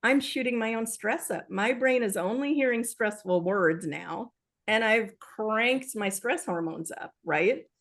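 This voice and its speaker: A woman's voice: medium pitch, a little slow. Earnest woman author talking animatedly. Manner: earnest, animated with acted-out quotes. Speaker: author guest. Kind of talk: conversational interview.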